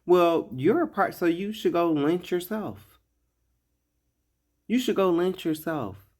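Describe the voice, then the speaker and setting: A man's voice: high-pitched, animated, takes it slowly, darkish tone. A man giving blunt, profane, mocking reaction commentary on a clip.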